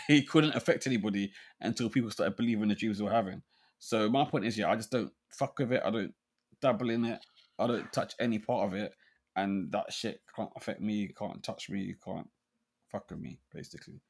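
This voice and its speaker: A man's voice: on the low side, fairly quick, slightly rough. A man co-hosting a podcast in casual chat, often restarting words and tagging lines with "right?". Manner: stammering restarts, frequent "right?" tags. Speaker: podcast co-host.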